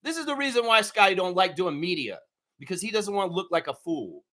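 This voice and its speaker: A man's voice: high voice, sing-song, a little fast, fairly bright tone. A man hosting a live fan preview show, talking in a heated, profane ranting way. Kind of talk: live sports preview chat.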